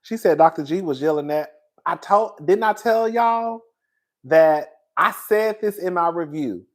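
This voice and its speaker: A man's voice: high-pitched, measured pace. Gossipy man recapping reality TV. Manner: animated, gossipy, laughs a lot. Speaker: host. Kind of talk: casual reality TV commentary.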